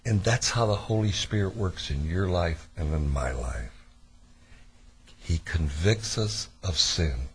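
A man preaching a sermon to his church, telling a story in a lively, deliberate way. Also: sits low, husky. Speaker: pastor.

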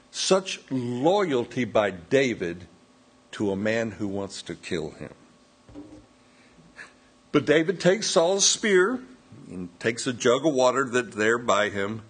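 A man delivers a sermon, retelling a scripture story slowly and in a measured way. His voice sits somewhat low and has a husky edge. He stops now and then to correct himself. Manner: slow, measured retelling with quoted dialogue and self-corrections. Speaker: preacher.

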